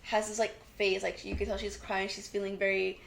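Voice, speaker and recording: There's a bit of background noise as a young woman with a gravelly mid-range voice talks fairly quickly on a podcast she co-hosts. She's recounting a TV episode in a chatty way, voicing the characters' dialogue and leaning heavily on "like."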